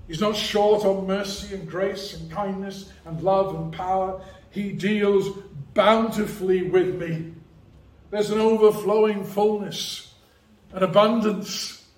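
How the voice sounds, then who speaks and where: A man preaching from the pulpit with slow, deliberate delivery and a slightly raised pitch. His voice rings through an echoey church, picked up from a little way off the mic. He is measured and emphatic, pressing on each key phrase. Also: fairly even intonation, darkish tone, recorded from a distance. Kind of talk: sermon.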